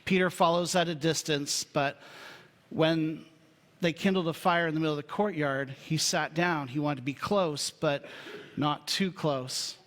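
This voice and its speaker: A man's voice: a little high, a little slow, fairly bright tone. Man preaching a humorous, chatty sermon. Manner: humorous, conversational storytelling. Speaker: pastor. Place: church sanctuary. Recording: reverberant church hall.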